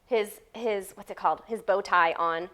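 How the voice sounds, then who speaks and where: Streaming casually from her home, this young woman, a fitness trainer, banters with her audience, reading out chat comments and answering them in a bubbly, playful way. Her voice is medium-pitched and slightly bright, at a normal speed.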